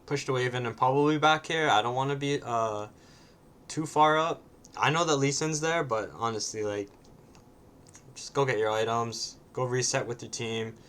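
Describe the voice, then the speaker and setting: A man's voice: medium pitch, moderate pace, a bit bright. A man casually commenting on his own match, often ending points with a questioning "right?" and sometimes swearing bluntly.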